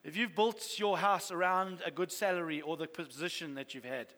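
High-voiced man preaching in a reverberant church. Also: normal speed, sharp tone. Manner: earnest, rising to fervent exhortation. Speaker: pastor. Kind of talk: sermon. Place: church hall. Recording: long reverb of a church hall.

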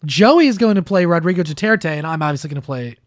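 A man's voice: on the high side, animated, quick pace, no room sound, clean studio sound. Joking, sarcastic young man podcast host. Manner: joking and sarcastic, laughs often. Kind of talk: casual chat.

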